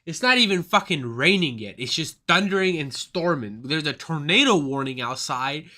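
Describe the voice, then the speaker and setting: A male streamer ranting casually on a livestream, profane and excitable, rambling from one thought to the next. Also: fairly high pitch, moderate pace.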